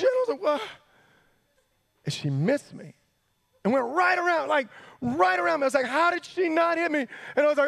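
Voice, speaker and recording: A man telling a sermon story to students, animated, jumping between hushed asides and excited yelps. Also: very high voice, gravelly. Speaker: youth pastor. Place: church hall.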